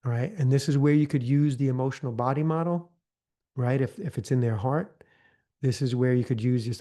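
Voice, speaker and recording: A man leading a live training session, talking casually and often checking in with "right?", acting out gentle counselor prompts in a softer voice. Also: mid-range voice, a little fast. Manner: conversational, often tags lines with "right?". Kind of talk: live online training talk.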